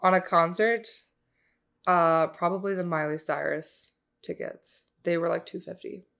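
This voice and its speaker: Young woman, low casual chat. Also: fairly even intonation, a little slow, vocal fry, a bit bright. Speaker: podcast co-host.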